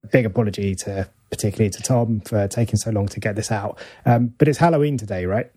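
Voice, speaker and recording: A man's voice: fairly low pitch, fast, mellow. Easygoing joking male podcast host. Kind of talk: casual chat.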